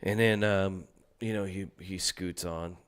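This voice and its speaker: A man's voice: low-pitched, steady tone, measured pace, clean tone. A man talking in a casual podcast chat, telling rambling, profane stories full of restarts and fillers.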